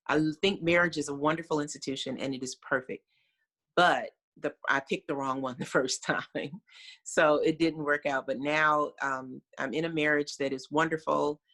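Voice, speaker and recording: A woman's voice: sits low, a bit bright. A middle-aged American woman, a guest on a video call, telling her story in an earnest, reflective way with many fillers. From United States.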